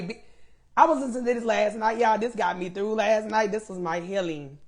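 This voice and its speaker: A woman's voice: mid-range voice, brisk, darkish tone. A woman hosting a casual live stream, greeting viewers by name and laughing often while she waits for her guest, speaking.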